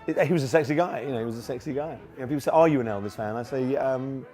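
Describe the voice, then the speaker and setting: A man's voice: mid-range voice, racing, darkish tone, faint music behind. Chatty man in his forties. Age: 40s. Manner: chatty, many fillers and restarts. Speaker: tribute act performer. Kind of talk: documentary interview.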